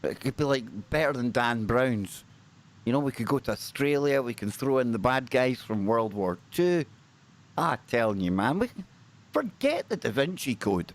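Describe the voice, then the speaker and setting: A man's voice: medium pitch, expressive, moderate pace. Chatty Scottish man co-hosting. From Scotland. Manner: chatty, upbeat, repeats himself for emphasis. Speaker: co-host of a paranormal livestream. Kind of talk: casual livestream chat.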